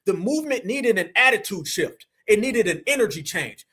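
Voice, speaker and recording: A man's voice: high voice, expressive, racing, sharp tone. An American man hosting a livestream, speaking as an activist in a preachy, rallying monologue that keeps calling his viewers family. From United States. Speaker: host and activist.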